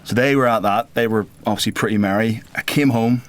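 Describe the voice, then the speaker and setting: A man as a guest on a podcast, telling relaxed self-deprecating stories in casual chat. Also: fairly low pitch, a little fast, smooth. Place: podcast booth.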